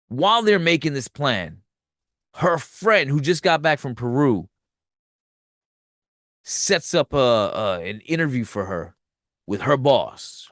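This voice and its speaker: A man hosting a podcast, retelling a film's plot in a loose, profane, animated way and acting out the characters' lines. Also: mid-range voice, no room sound, studio quality. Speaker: podcast host. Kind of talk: casual movie recap.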